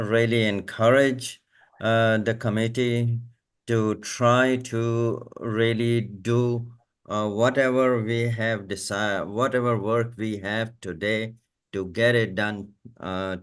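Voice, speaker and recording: A man speaking up at a committee meeting, with many pauses and fillers. His delivery is very slow, and his low voice comes through smooth and resonant. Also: steady tone. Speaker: committee member. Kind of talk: meeting remarks.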